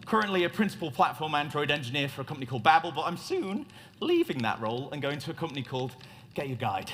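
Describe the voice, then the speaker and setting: Playful guy giving a conference tech talk, high animated voice, bright, echoing hall. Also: quick pace. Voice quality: playful, joking showman delivery. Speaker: conference speaker. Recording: reverberant hall.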